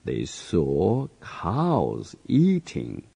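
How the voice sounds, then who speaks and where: A man with a low, gravelly, husky voice reads a children's story aloud in short phrases. He goes very slowly, and his pitch swings widely from line to line. The tone is dark and soft. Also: wildly swooping pitch. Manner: reads each phrase slowly and evenly for repetition. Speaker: reading teacher. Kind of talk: slow read-aloud for learners to repeat.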